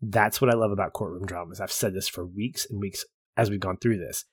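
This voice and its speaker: A man's voice: low voice, steady tone, brisk, husky, no room sound, clean studio sound. A man co-hosting a casual film podcast, explaining points with emphasis and enthusiasm. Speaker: podcast co-host.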